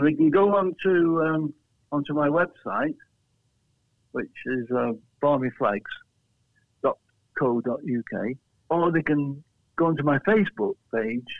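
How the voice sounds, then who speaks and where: A man's voice: on the high side, vocal fry, dry recording. An English man, a flag maker, chatting casually in an interview and telling rambling stories with many restarts and chuckles. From England. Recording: tinny phone line.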